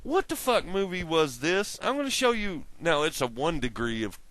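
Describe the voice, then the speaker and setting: A man's voice: a little high, big pitch swings, moderate pace, fairly bright tone, no echo. A man rambling through a casual monologue to his camera, swearing often, laughing at his own jokes and jumping from tangent to tangent. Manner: profane, laughing, jumps between tangents. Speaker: vlogger.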